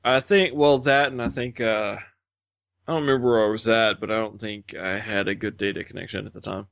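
A man co-hosting a podcast, chatting casually and reading out listener feedback, relaxed and quick to laugh. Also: lowish voice, vocal fry, clear, resonant tone, dry recording, clean studio sound. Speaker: podcast co-host.

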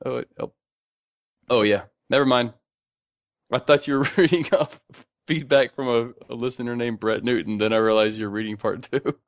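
A man co-hosts a casual podcast in a mostly even, monotone voice and breaks into frequent laughter. His voice sits mid-range and is recorded dry, with no room sound around it. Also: medium pitch, normal speed, no room sound. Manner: self-described monotone, laughs often. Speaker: podcast co-host. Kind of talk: casual chat.

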